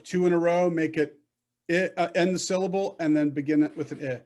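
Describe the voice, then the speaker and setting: This man's voice sits on the high side, with fairly even intonation, a brisk pace and a slightly mellow quality. Over a video call he teaches Hebrew patiently, going over points again and frequently making sure the class understands.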